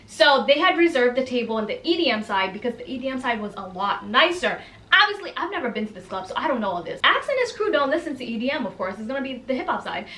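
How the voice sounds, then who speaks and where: Bright-voiced young woman telling a story. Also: high voice, roomy sound. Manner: animated, exasperated storytelling with quoted dialogue. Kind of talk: casual storytime monologue.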